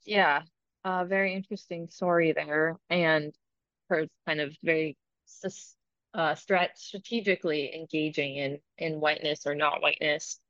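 A woman host asking an author questions in a measured way, pausing to find her words. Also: low-pitched, steady tone, fairly bright tone, dry recording. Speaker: interviewer, podcast host. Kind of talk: interview questions. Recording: dull dry lo-fi audio.

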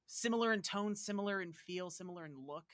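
A man with a Long Island accent, a guest actor chatting casually and picking at details with animated emphasis. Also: sits high, fast, dry recording. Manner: animated, nitpicky. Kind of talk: casual chat.

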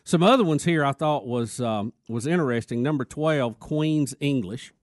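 A man co-hosting a radio talk show, reading out a ranked list in a chatty, deliberate way. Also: mid-range voice, no room sound, studio quality. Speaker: radio co-host. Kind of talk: casual radio banter.

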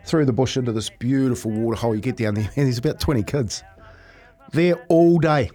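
A man's voice: medium pitch, fast, mellow. A middle-aged man with a New Zealand accent, co-hosting breakfast radio, teasing his partner and telling stories with laughs. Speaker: radio breakfast show co-host. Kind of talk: casual chat.

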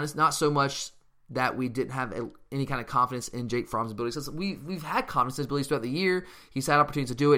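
A man's voice: medium pitch, sharp tone. A man hosting a sports podcast, answering listener questions in a casual, emphatic way and often restarting his sentences. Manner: emphatic and fired up, with frequent restarts. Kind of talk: casual fan Q&A commentary.

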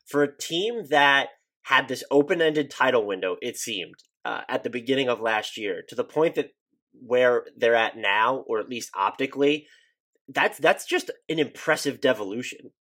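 A man's voice: medium pitch, moderate pace, a bit bright. A man hosting a casual sports podcast, thinking aloud in a conversational way and restarting his sentences. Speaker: podcast host.

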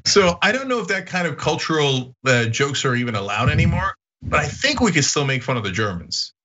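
A man who grew up in Istanbul, hosting a podcast in casual chat and telling stories with excitement. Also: a little high, a little fast, lo-fi sound. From Istanbul, Turkey. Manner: animated storyteller, voice jumps up when excited. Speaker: podcast host.

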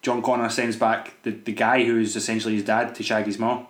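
A man's voice: on the low side, level tone, reverberant. A Scottish man co-hosting a casual podcast, rambling through crude jokes and tangents. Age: older than 26. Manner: rambling, quick, crude humor. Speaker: podcast co-host.

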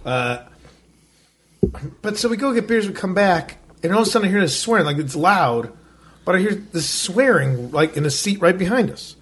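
A man's voice: sits high, lively intonation, normal speed, a bit bright, a little hiss or hum. A man co-hosting a podcast, telling a casual story with lots of "like", swearing freely and acting out other people's lines. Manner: loose and profane, lots of "like". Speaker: podcast co-host. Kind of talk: casual chat.

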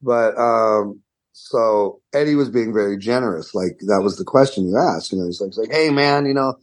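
A man's voice: on the low side, normal speed, a little mellow. A middle-aged man, a guest guitarist, telling a story in a rambling, profane way full of restarts. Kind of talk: casual storytelling interview.

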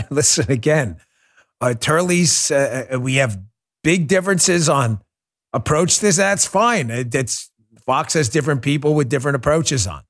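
A man's voice: fairly high pitch, expressive, measured pace, a bit bright. A man hosting a political talk show, lecturing listeners in an emphatic, urgent way. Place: Florida.

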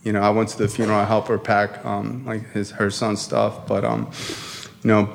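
A man's voice: on the low side, flat delivery, moderate pace, gravelly. A man telling a personal recovery story to a live audience, in a casual, profane, slangy way with frequent fillers. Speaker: speaker sharing a recovery story.

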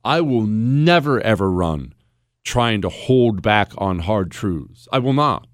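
A man's voice: on the low side, expressive, takes it slowly, no echo. A man hosting a talk radio show, speaking bluntly and sarcastically in a studio. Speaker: radio host. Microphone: studio microphone.

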